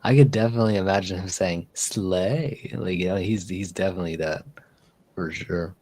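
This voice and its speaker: A man's voice: deep voice, steady tone, quick pace, darkish tone. A man hosting a casual livestream, chatting in a rambling way with easy laughs and repeated words. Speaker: livestream host. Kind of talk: casual chat.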